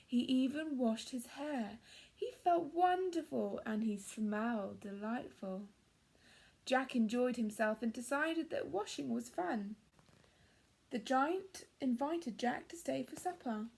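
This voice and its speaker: A woman teacher with an English accent, reading a picture book aloud to young children in a clear, gentle storytelling manner. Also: sits high, slow. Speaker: primary school teacher.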